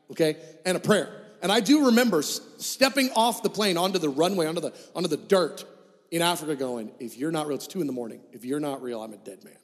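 Male pastor, storytelling sermon, high voice, lively and animated, heard in a big reverberant hall. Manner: animated, acts out dialogue in his story. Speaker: preacher.

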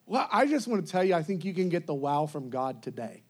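A man preaching a sermon, animated, laughing often and acting out scenes as he goes. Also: a little high, brisk, hardly any pauses.

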